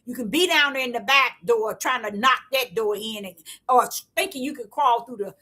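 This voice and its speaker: A woman giving a casual, repetitive spiritual talk to her viewers in a preachy, excitable way. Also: on the high side, moderate pace. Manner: preachy, repetitive, excitable, African American Vernacular English. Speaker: online preacher.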